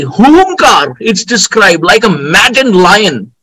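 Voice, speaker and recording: A man giving a devotional sermon, telling stories in an animated way, with outbursts and frequent laughter. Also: high voice, unhurried, poor audio. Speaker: spiritual teacher.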